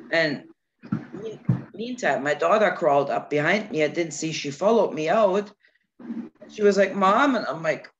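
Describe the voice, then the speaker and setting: A woman chatting casually, telling a story with lots of laughter and lively acted-out quotes. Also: low-pitched. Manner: animated storytelling, laughs often. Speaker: guest. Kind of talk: casual chat. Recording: dull lo-fi sound, faint noise.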